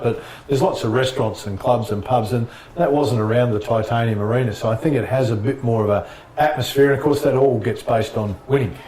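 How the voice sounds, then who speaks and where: Guest spot: fast-talking middle-aged Australian man spinning animated sports yarns, voice slightly distant in an echoey room. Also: medium pitch. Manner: animated anecdotes, laughs often. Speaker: former basketball player, guest. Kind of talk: casual storytelling interview.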